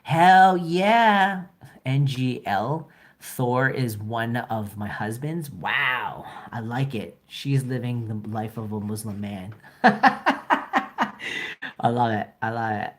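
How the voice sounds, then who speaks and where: A man's voice: mid-range voice, takes it slowly. A young man chatting casually on a live art stream, playfully teasing and answering viewer comments while he draws. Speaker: livestreaming artist. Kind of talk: casual livestream chat.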